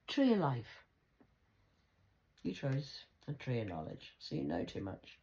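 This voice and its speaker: Low-voiced woman ranting into her phone. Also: huge pitch swings, a little slow, pauses often, dull audio. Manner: rambling, swearing, swings between whispers and loud outbursts. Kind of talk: late-night solo phone vlog. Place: at home indoors.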